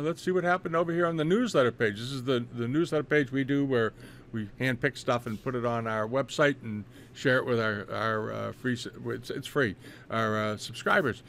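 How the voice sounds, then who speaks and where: A man's voice: medium pitch, fairly bright tone, a little hiss or hum. A man talking through art auction results in a casual, rambling way, full of fillers and restarts. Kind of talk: casual spoken commentary.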